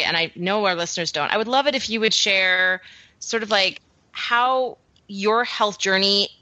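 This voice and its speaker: A Canadian woman co-hosts a podcast, chatting casually in an enthusiastic, rambling way packed with fillers. Her voice is medium-pitched with a sharp tone, and the recording is rough but has no echo.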